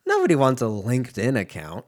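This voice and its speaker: A man hosting a podcast in a loose, unfiltered ramble, cursing casually and losing his train of thought. His voice is mid-pitched but very animated, swinging up and down as he riffs. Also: fairly quick. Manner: loose, profane, jumps between tangents. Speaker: podcast host.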